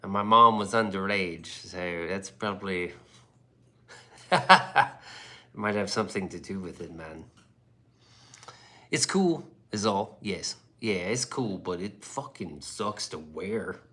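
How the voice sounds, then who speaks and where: Low-pitched, bright-voiced rambling male streamer. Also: fairly even intonation, measured pace. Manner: profane, laughing, loose and offhand. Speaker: livestream host. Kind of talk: rambling casual chat.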